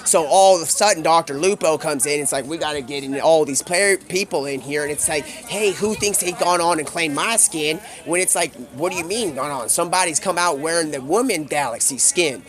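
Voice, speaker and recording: Guy streaming, rambling a crazy made-up story, slangy, fairly high voice. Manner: rambling, drawling slang, quick voice switches for quoted characters. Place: home streaming setup.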